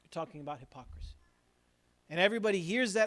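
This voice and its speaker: A man with a high, light voice gives an earnest sermon as an imam. He builds up emphasis, then sinks into quiet, pointed asides. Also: lively intonation, quick pace.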